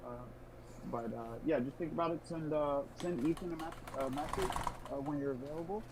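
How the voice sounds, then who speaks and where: Halting male co-host, a little high-pitched, clear hiss behind him. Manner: halting, hesitant with many fillers. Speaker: co-host of the stream. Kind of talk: casual livestream chat.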